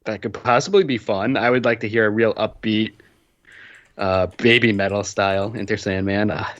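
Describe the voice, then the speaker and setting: Deadpan man reading a list. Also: on the low side, normal speed, no room sound. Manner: sardonic, reads list items flatly. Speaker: podcast host. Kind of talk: casual chat. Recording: dull lo-fi dry sound.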